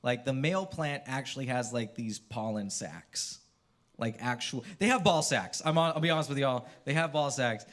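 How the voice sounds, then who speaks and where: A young Californian man with a fairly high voice performs stand-up on a university theater stage. His set features loose, profane stories and shouted impressions.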